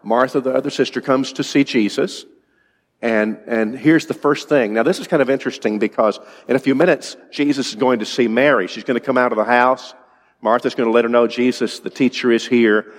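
A man's voice: medium pitch, a little fast. A male preacher giving an evening sermon in a conversational way, asking his congregation questions. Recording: long reverb in a large hall.

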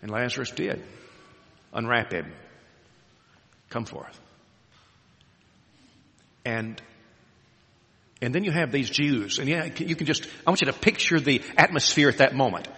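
A man preaching a sermon as a story, moving between quiet passages and emphatic ones, recorded in a hall with a long reverb. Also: medium pitch, animated, unhurried, pauses often, breathy edge.

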